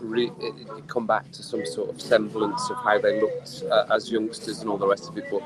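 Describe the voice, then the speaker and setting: A tipsy man's lowish voice comes at a normal speed with hardly any pauses as he rants, animated and exasperated. He's live streaming casually from an outdoor poolside bar. The rough recording carries crowd noise and music playing clearly behind.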